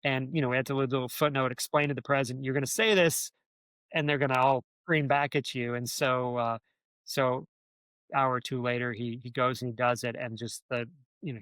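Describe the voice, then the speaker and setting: A man's voice: medium pitch, a bit bright, no room sound. A man, a former speechwriter, telling stories in an interview, rambling with many restarts and filler words. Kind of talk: conversational interview storytelling.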